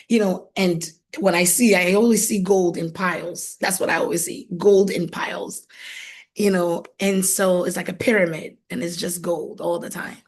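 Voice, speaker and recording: A woman marriage coach giving a faith-based teaching talk, animated, laughing often and acting out quoted voices, repeating phrases for emphasis. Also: lowish voice.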